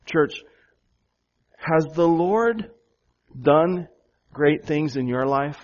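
A pastor preaches to his congregation, building each point with repeated phrases and rhetorical questions. His voice sits a little high for a man and he takes his time. The recording is dull and lo-fi. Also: expressive, extremely slow, a little mellow. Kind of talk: sermon. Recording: dull, lo-fi sound.

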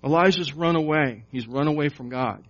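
A man preaching a sermon to his congregation, slow and emphatic, with repeated questions. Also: on the high side. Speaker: pastor. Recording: dull lo-fi sound.

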